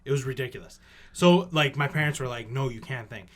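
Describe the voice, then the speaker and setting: Animated young male podcast co-host. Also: medium pitch, fairly quick. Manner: animated storyteller, swears freely, acts out family voices. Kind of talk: casual chat.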